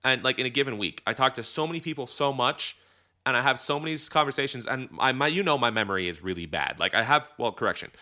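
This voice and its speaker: A man's voice: medium pitch, expressive, fast, bright, forceful tone. A man co-hosting a casual podcast chat, rambling and correcting himself as he goes, laughing often. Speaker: podcast co-host.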